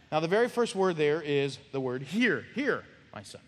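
A man's voice: a little high, big pitch swings, moderate pace, hardly any pauses. A man preaching a sermon as pastor, acting out little scenes with shifting voices. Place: church sanctuary. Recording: long church hall reverb.

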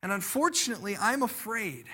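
A man's voice: high voice, expressive, brisk, bright, forceful tone. A man in his thirties preaching a sermon, reading scripture and then telling a family story in an earnest way, acting out the people he quotes. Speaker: pastor.

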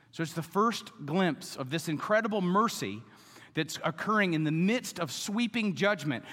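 A man's voice: fairly high pitch, fairly bright tone. A man preaching a sermon with emphatic delivery, now and then voicing the people in the story. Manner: emphatic preaching, voices the grumbling Israelites. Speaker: pastor. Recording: long hall reverb.

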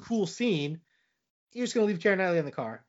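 A man with a slightly higher voice talks through a film in loose, rambling podcast chat. He keeps circling back and restarting his thoughts. The sound is a little dull and muffled. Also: lively intonation, a little fast. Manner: rambling, with frequent restarts and hedging fillers. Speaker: podcast co-host reviewing movies. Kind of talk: casual chat.

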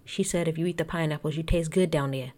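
A woman putting on a thick, admittedly fake New Jersey accent to voice a brash middle-aged man, in a quick, mocking impression. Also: deep voice, fairly even intonation, a little mellow, lightly acted. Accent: put-on New Jersey.

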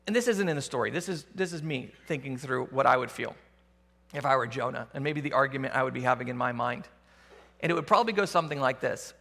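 A man preaching a sermon as a pastor, telling the story in a conversational, animated way with casual slang. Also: medium pitch, fast talker, gravelly, big-room sound.

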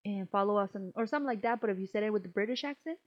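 A woman's voice: medium pitch, racing. A woman co-hosting a podcast in casual chat, teasing and laughing often with slangy talk. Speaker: podcast co-host. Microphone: shared table microphone. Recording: dull lo-fi sound.

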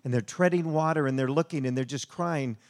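A man preaching a sermon to a congregation, telling a story in an animated, conversational way. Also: fairly high pitch, a little fast. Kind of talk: sermon with slide show.

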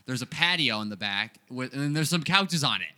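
A man's voice: medium pitch, animated, a little fast, sharp tone. A man in his twenties telling a rambling, profane story in a casual comedic chat. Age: 20s.

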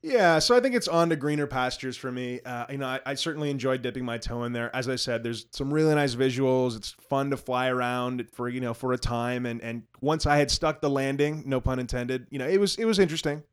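A man's voice: medium pitch, fairly quick, hardly any pauses, clear, resonant tone. A man co-hosting a gaming podcast, talking casually in a rambling, self-deprecating way and laughing often. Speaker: podcast co-host.

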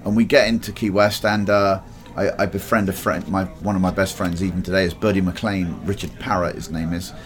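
Speaking fairly quickly with hardly any pauses, a man from England with a low-pitched, flat delivery rambles through a personal story. He swears liberally and voices the other people in it.

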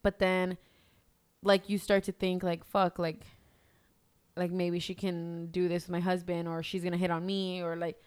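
A woman's voice: on the low side, little pitch movement, normal speed, darkish tone, clean tone. A young woman chatting on a podcast, mixing Spanish into English and swearing casually. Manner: laughs easily, swears, mixes Spanish into English. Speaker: podcast co-host. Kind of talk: casual chat.

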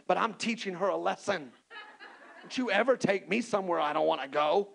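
A man from Texas, telling his own story in an animated, self-mocking sermon with lots of restarts. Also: high voice, a little fast, vocal fry. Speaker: preacher.

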